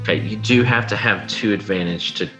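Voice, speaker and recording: A man running a tabletop game as game master, explaining rules and describing scenes in a halting way, full of fillers. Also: on the low side. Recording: dull podcast audio with faint music.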